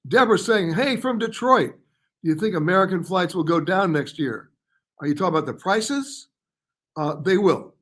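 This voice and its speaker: A man hosting a live travel show, reading viewer questions and comments aloud and answering them in a chatty way with quick verdicts. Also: high-pitched, lively intonation, fairly bright tone. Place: hotel or studio in Paris.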